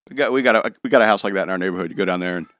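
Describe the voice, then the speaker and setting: A man's voice: low voice, rapid-fire, a bit bright, no echo, studio quality. A man rambling through a wry, jokey monologue as a show host, chuckling now and then.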